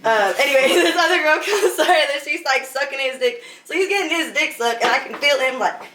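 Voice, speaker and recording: A woman's voice: high-pitched, lively intonation, fairly quick, distant mic. A young woman telling candid stories as an interview guest, laughing often and filling her talk with "like". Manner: laughs often, fills with "like", drops to a hush for quoted lines. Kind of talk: candid casual storytelling. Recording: roomy echo, off-mic.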